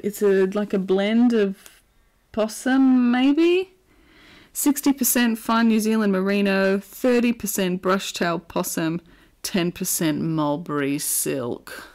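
A woman's voice: medium pitch, a little mellow. A woman with an Australian accent, chatting casually and playfully about yarn in her knitting vlog. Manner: chatty and playful, prone to silly asides. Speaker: knitting vlogger. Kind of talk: casual chat.

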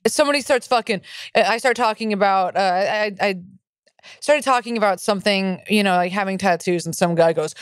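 Young woman comic, podcast co-host, smooth voice, dry close mic, swears a lot. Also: mid-range voice, fairly quick, no echo. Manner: profane, riled-up ranting. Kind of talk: ranting casual chat.

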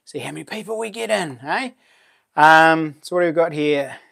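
A man's voice: a little high, lively intonation, moderate pace, vocal fry. A man with a New Zealand accent hosting a casual live stream, chatting loosely and thanking viewers for their support. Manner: chatty, thanks viewers warmly, lots of fillers and laughs. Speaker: livestream host and knifemaker.

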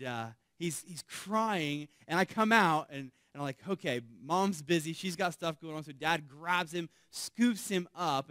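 A man's voice: on the high side, dry recording, studio quality. Emphatic man preaching a sermon. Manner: emphatic preaching, rising loud on key phrases, dropping soft on asides. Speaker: pastor.

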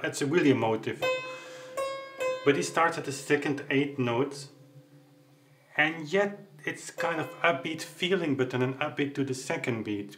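A man teaching music, thinking aloud with halting restarts and tag questions as he explains a piece. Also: mid-range voice. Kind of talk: explaining while practicing at the keyboard.

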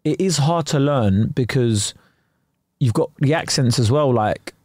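A man's voice: medium pitch, animated, a little slow, darkish tone. A man, co-hosting a casual podcast, joking and reading out word meanings. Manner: jokey, slips into mock accents. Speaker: podcast co-host. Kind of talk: casual chat.

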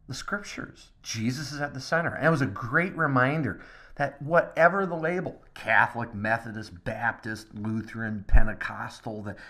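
Pastor swinging between hush and excitement. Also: male voice, mid-range voice. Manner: swings from soft near-whisper to excited bursts. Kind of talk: podcast devotional talk.

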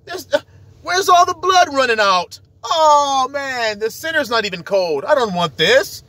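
A man doing a shrill fussy diner. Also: expressive, a little slow, bright, forceful tone, no echo, exaggerated voice. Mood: indignant. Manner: whiny, indignant.

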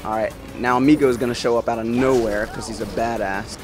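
A man's voice: medium pitch, steady tone, brisk. A man giving casual let's-play commentary, swearing and exasperated as he trash-talks rival racers. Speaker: gameplay commentator. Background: game music.

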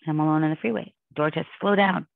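A woman with a gravelly, fry-laden voice recounts her story in an intense, rambling, emotional way. She comes through a narrow, phone-like line. The sound is dry and close, with no room echo. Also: sits low, fairly even intonation, quick pace. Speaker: podcast guest. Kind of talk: personal storytelling in an interview.

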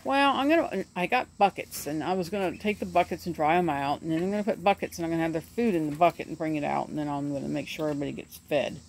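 A woman's voice: low-pitched, fast, few pauses. Chatty middle-aged woman filming ducklings outdoors. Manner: rambling, chatty, laughs often. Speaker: homesteader vlogger. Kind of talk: casual chat while filming animals. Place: outdoors in a yard by animal pens. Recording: faint outdoor noise with birds. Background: ducklings chirping and outdoor ambience.

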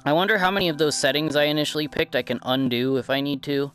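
A man's voice: on the high side, fast talker, fairly bright tone, soft background music. Rambling Midwestern man cursing through gameplay. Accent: Midwestern American. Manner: rambling, profane, self-deprecating. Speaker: gaming channel host.

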